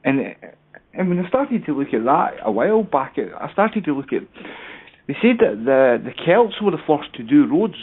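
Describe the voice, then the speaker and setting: A man's voice: a little high, big pitch swings, normal speed, husky. A man talking casually and rambling as he explains, often saying "basically" and "you know what I mean". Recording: tinny phone-line sound.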